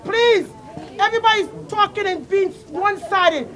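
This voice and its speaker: A woman's voice: very high voice, normal speed. A woman speaking at an outdoor protest, grieving and pleading, repeating her words over and over. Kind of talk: impassioned street speech. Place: outdoors on a city street. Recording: loud crowd outdoors. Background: crowd.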